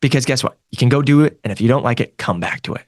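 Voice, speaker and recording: A man coaching nurses on a career move, talking in an energetic, emphatic way with lots of repetition. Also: mid-range voice, racing. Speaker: sales coach. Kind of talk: podcast conversation.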